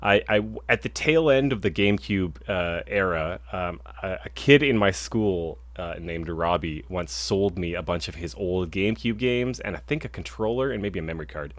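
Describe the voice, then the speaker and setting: A man's voice: sits low, moderate pace, few pauses, no room sound. A young man co-hosting a video game podcast, chatting casually and rambling with lots of restarts. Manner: rambling, many fillers and restarts. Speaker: podcast co-host. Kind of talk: casual chat.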